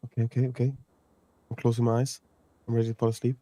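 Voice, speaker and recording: A man's voice: mid-range voice, little pitch movement, quick pace, warm tone, dry recording. A man in a role-play game joking and teasing in casual banter. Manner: jokey, teasing.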